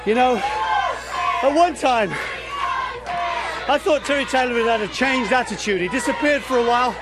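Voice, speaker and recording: A man's voice: very high-pitched, big pitch swings, moderate pace. An English man cutting an intense, taunting wrestling promo in an old TV broadcast. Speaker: pro wrestler. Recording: old TV broadcast with loud crowd.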